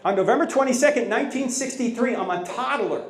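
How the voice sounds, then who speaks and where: A man's voice: very high voice, fast, echoey room, a little hiss or hum. A man in his sixties giving a live talk to a campus audience, telling stories and acting out quotes in raised voices. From United States. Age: 60s. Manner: animated storyteller, acts out quotes in raised voices. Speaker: Christian apologetics speaker. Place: large university hall with audience.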